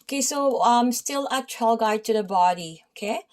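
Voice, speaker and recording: A woman's voice: a little high, normal speed, a little mellow. A woman with a Filipino accent teaches anatomy in a chatty style, with many fillers, and often checks in with her listeners. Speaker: massage therapy instructor. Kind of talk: casual anatomy lesson.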